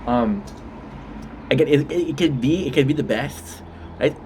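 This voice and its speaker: A man's voice: medium pitch, normal speed, a little mellow, a little hiss or hum. Chatty man eating on a live stream. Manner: rambling, chatty, with many restarts and mm sounds while eating. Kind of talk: casual live-stream chat while eating.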